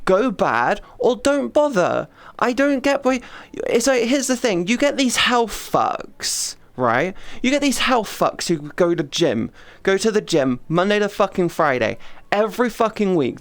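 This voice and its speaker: A woman streamer in casual chat who rants loudly and swears constantly. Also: medium pitch, sing-song, a little slow. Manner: loud, profane, ranting. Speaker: VTuber streamer.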